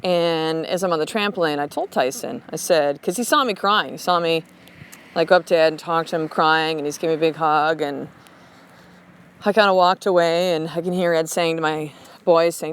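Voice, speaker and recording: A woman in her thirties, a mother hosting her show, giving a blunt, profane motivational talk. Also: low-pitched. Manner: blunt, profane, fast and emphatic. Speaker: podcast host and mother. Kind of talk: motivational monologue.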